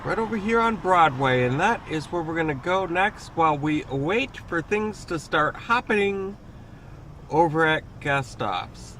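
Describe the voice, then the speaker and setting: A man's voice: fairly high pitch, expressive, unhurried, bright, forceful tone, a little hiss or hum. A man hosting a casual travel vlog, chatty and self-deprecating, with hesitant restarts, recorded on a camera mic while out and about. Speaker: travel vlogger host. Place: out and about in a city neighborhood and a bar.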